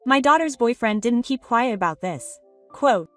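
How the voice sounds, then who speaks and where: A woman reads a story aloud in a plain, even storybook voice. Her voice sits a little high and a little distant, with soft background music beneath it. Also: normal speed. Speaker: narrator. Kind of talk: scripted story narration.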